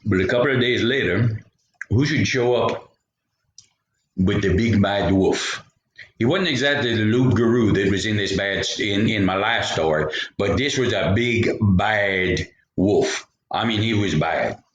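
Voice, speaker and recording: A man's voice: on the low side, measured pace, lo-fi sound, slight background noise. A man telling a folksy story, rambling into jokey asides. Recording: roomy echo.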